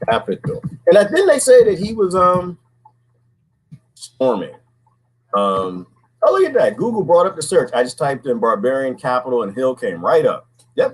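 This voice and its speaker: Middle-aged man, husky, swinging pitch, casual folksy host. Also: poor audio. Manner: animated, folksy, laughs often, rhetorical questions. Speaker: podcast host. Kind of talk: casual talk to viewers.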